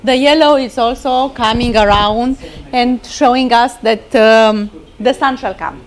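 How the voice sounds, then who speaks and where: Woman artist, halting and fairly high. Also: fairly even intonation. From Romania. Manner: halting, searching for words, laughs softly. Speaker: artist presenting her paintings. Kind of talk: casual interview. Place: art gallery opening.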